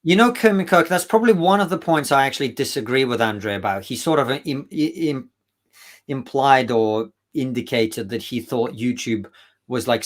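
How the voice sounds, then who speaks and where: A man speaking as an interview guest, emphatic, restarting his sentences often. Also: medium pitch. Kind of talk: casual interview talk.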